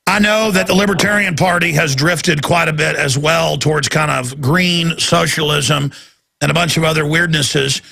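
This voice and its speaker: A man's voice: fairly high pitch, steady tone, moderate pace, vocal fry, pushed and bright. A man hosting a talk radio show, ranting emphatically in a heated monologue and taking callers. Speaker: radio host.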